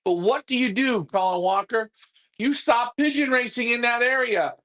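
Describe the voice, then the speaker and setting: Guy on a live stream, pretty high voice, blunt fired-up rant, keeps repeating himself. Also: moderate pace, bright, forceful tone. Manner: fired-up ranting, blunt and repetitive. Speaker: pigeon racing club co-host.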